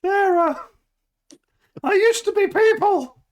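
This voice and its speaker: A man voicing a mournful woman trapped inside a parasol, in a high wailing put-on voice. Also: takes it slowly, no room sound, clean studio sound.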